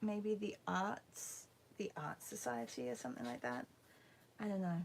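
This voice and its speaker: A woman's voice: fairly low pitch, animated, measured pace, slight background noise. A woman hosting a casual livestream art class, chatting with viewers and greeting them by name, sometimes dropping into a whisper.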